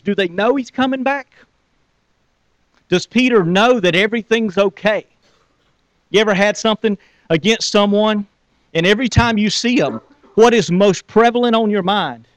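A man preaching in a conversational style, putting questions to his listeners. His voice is slightly high and the recording is dry and close. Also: no echo. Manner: conversational, questions the audience, restarts words. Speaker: pastor. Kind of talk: sermon.

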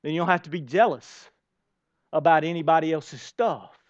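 A man preaching a lively sermon to his congregation, asking rhetorical questions and dropping to quiet asides. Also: a little high, normal speed, no echo. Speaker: pastor. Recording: dull lo-fi sound.

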